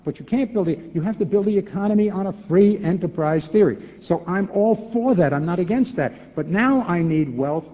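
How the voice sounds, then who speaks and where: A man in his sixties, a former governor, answering a question at a forum with animated, rhetorical talk, acting out both sides of dialogues and repeating words as he restarts. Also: sits high, moderate pace, few pauses. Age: 60s. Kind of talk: lecture-hall Q&A answer. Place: large lecture hall. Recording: echoey hall, dull lo-fi tape.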